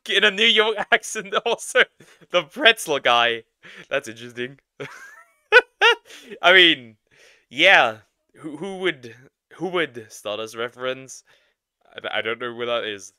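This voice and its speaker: Bright, rambling male reaction host. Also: medium pitch, sing-song, unhurried, long pauses, smooth, dry recording, studio quality. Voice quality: rambling, self-interrupting, laughs often. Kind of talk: casual reaction commentary.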